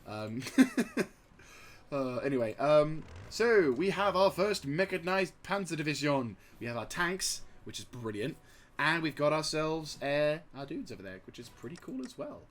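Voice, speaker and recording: A man casually commenting on a strategy game, rambling and excitable, swearing freely and chuckling at his own jokes. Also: fairly high pitch, measured pace. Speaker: gaming channel host.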